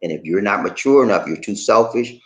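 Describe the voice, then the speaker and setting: A man hosting a livestream, chatting casually and reading viewer comments aloud in an animated, laughing, drawling way. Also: lowish voice, brisk. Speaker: livestream host.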